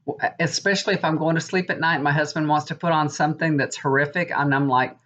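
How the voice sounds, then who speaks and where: A woman's voice: deep voice, steady tone, quick pace, fairly bright tone. Chatty, worked-up woman in her fifties. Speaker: tarot reader and psychic. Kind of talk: casual chat to camera. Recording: dull lo-fi recording.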